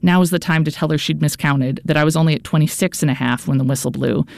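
A woman's voice: sits low, quick pace, gravelly, darkish tone, dry recording, studio quality. A woman narrating a first-person audiobook in an earnest, anxious inner-monologue manner.

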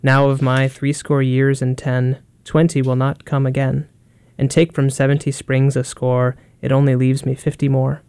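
A man reading poems aloud in a calm, measured way. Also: mid-range voice, clear, resonant tone, no echo. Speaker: poetry reader. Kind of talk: poetry reading.

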